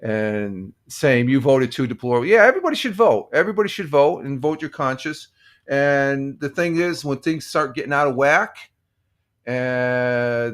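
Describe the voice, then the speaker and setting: Older New York man chatting live. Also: medium pitch. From United States. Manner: rambling, many fillers and restarts, greets viewers by name. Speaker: livestream host. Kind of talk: casual chat with chat readers.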